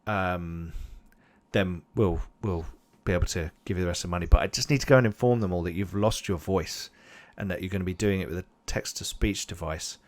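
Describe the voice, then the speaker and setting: A man's voice: low voice, fairly quick, natural voice. A man doing a nervous, fumbling alien guide. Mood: apologetic. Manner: rambling, hesitant, apologetic. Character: nervous, overly polite male Gran alien guide.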